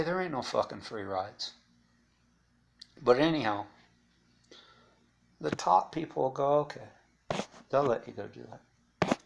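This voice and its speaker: A man's voice: mid-range voice, vocal fry. A man telling his story in a blunt, profane, rambling way, full of asides. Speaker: interviewee recounting life after incarceration. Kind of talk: casual storytelling monologue.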